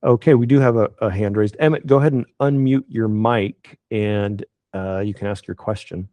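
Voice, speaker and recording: A man hosting an online webinar as an estate planning attorney, talking in a relaxed, conversational way with frequent fillers. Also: lowish voice, normal speed, dry recording. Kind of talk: casual webinar wrap-up.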